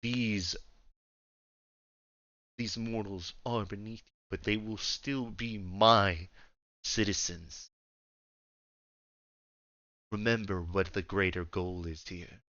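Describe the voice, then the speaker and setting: Man playing a regal old dragon emperor, deep and refined, imperious, bright edgy tone, dull lo-fi sound. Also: steady tone, dry recording. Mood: commanding. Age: older. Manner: slow, domineering, imperious. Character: ancient dragon emperor in human form, commanding.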